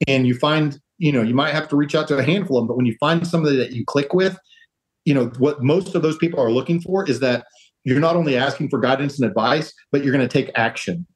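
A man's voice: medium pitch, quick pace, rough recording. A man talking as a podcast guest, earnest and rambling, restarting sentences and acting out quoted voices as he gives advice. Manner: acts out quoted voices of others. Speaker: podcast guest, real estate entrepreneur. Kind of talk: casual interview talk.

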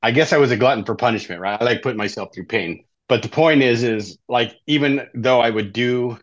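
A man's voice: medium pitch, fairly quick, highs cut off. A middle-aged man, a podcast guest, tells his story in a casual, conversational way and often ends sentences with "right?". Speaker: podcast guest, life coach in recovery.

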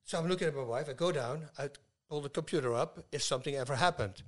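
A man's voice: a little high, fast talker. A middle-aged man speaking as a guest in a casual conversation, telling stories with emphasis. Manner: emphatic, storytelling.

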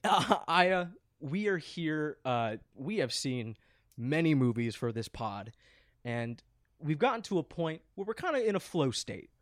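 Male podcast host, slightly high voice, dry close sound, swears freely and jokes around. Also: big pitch swings, unhurried, no echo. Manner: loose, profane, jokey banter. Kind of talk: casual chat.

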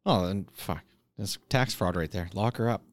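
A man's voice: low-pitched, moderate pace, no echo. A man co-hosting a podcast, blunt and sarcastic in crude casual banter. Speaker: podcast co-host.

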